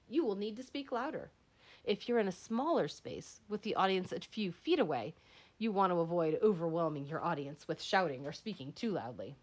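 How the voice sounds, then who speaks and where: Woman instructor, read-aloud lecture, expressive pitch, self-correcting. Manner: reads aloud with frequent slips and self-corrections. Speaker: instructor reading a textbook chapter.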